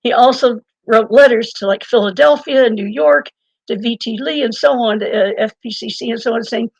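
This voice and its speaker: An older woman being interviewed, telling a long personal story in a lively way, laughing now and then and restarting her sentences. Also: on the high side, brisk, creaky, no echo, muffled recording. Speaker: interview guest and author. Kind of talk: conversational storytelling.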